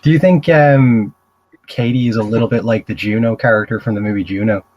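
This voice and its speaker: A man's voice: on the low side, fairly even intonation, brisk, a little mellow, muffled recording. A man co-hosting a casual movie review podcast, trading dry, teasing banter. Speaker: podcast co-host.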